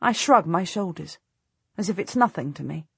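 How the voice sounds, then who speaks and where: A woman narrating a historical audiobook in first person, measured and dramatic. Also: lowish voice, lively intonation, gravelly, a bit bright, husky, dry recording.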